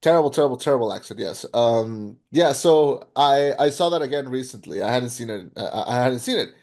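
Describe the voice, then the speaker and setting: A man co-hosting a podcast, chatting casually about a film, animated and rambling with lots of restarts and fillers. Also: medium pitch, brisk. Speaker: podcast co-host. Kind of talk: casual film review chat.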